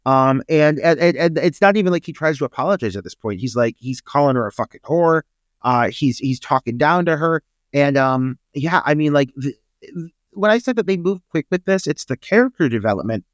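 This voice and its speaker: An emphatic man whose pitch swings up and down a lot as he talks. He sounds indignant, repeats his points and swears as he discusses a film with his co-host. His voice is close and dry, with no room sound. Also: animated, brisk, dry recording. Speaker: podcast co-host.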